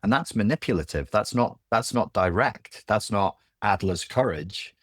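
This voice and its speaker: Low-voiced guy on a podcast, blunt and lively, cussing a bit, dead dry sound. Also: moderate pace, no echo. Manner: blunt and animated, swears, acts out quoted voices. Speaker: podcast guest. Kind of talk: candid conversational interview.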